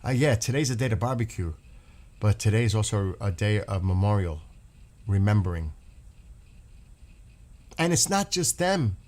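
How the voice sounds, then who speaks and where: A middle-aged man with a fairly low voice talks to his live chat. He is earnest and rambling, often circling back and repeating words. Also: animated, moderate pace, long pauses, a little mellow. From United States. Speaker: live stream host. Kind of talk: casual live chat with viewers.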